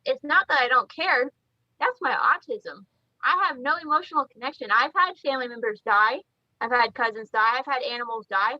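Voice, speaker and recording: A reptile breeder appearing as a guest on a casual podcast talks bluntly and swears a lot, telling animated stories and acting out quotes. Her high voice moves at normal speed in dull audio with no room sound.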